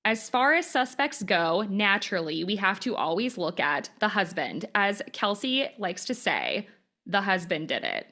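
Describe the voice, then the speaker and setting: Bright-voiced woman podcast host. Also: mid-range voice, very animated, unhurried. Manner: recounts case details conversationally with many fillers. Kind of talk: casual true-crime chat.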